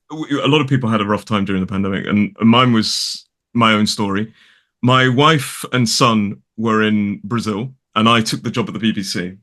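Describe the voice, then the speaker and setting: British english guy, bright tense voice, rambly and chatty, teacher type talking from his spare room. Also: medium pitch. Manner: chatty, self-correcting, laughs often. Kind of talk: casual conversation. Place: home studio in a spare room.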